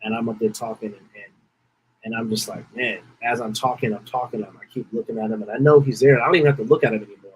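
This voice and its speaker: A man's voice: mid-range voice, steady tone, quick pace, a little hiss or hum, low-quality recording. A man hosting a podcast, telling a story in a casual, rambling way, repeating himself and holding back tears. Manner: emotional, rambling, repeats phrases. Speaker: podcast host.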